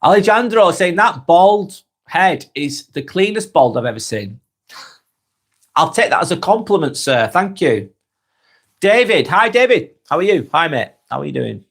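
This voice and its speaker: Relaxed Northwest English man. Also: on the high side, normal speed, slightly rough. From Northwest England. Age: 40s. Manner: relaxed, friendly, chatty. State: getting over a cold. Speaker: live stream host reading comments. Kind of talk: casual live chat.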